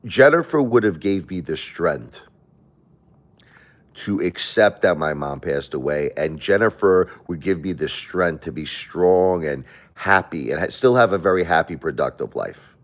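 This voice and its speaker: Speaking unhurriedly with lively intonation, a middle-aged man with a very deep voice hosts a livestream and talks straight to his audience. He pours out a confession, circling back and repeating himself as he rambles.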